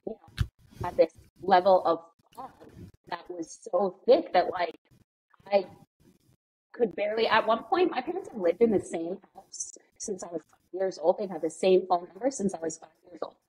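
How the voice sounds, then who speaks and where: A woman's voice: mid-range voice, moderate pace, slightly rough, low-quality recording. Candid, foul-mouthed woman telling her story. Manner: swears freely, animated, acts out quoted people. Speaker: guest.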